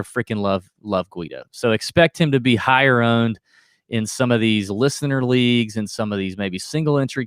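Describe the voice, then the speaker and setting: A man's voice: mid-range voice, clean tone, no room sound, studio quality. A man co-hosting a golf betting podcast, talking in a rambling, jokey way and often breaking off mid-sentence. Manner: rambling, self-interrupting, jokey. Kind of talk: casual chat.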